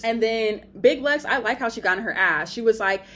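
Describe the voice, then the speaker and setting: A young woman giving a blunt, profane, animated recap of a reality show reunion. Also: fairly high pitch, a little fast. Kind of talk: casual recap commentary.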